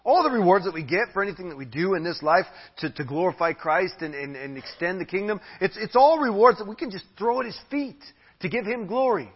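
Animated, husky-voiced male preacher. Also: high-pitched. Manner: animated, emphatic preaching with stretched slow phrases. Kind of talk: sermon. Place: church hall. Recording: dull lo-fi church audio.

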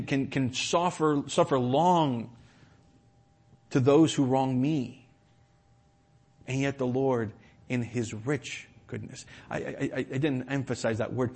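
A man preaching a sermon in a church, stumbling and repeating words as he drives his points home, then dropping to a quiet tone. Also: mid-range voice, slightly rough. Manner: impassioned, repeats words, swings from loud emphasis to quiet.

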